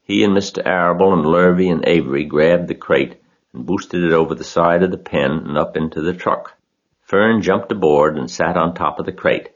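Deep-voiced male storybook narrator. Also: normal speed, dull audio. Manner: steady, expressive reading.

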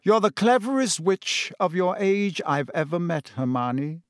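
Brief: a calm, tired middle-aged male teacher, read by a man, patient and measured, with a dry, close sound. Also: high-pitched, no room sound, pitched above the performer's own voice.

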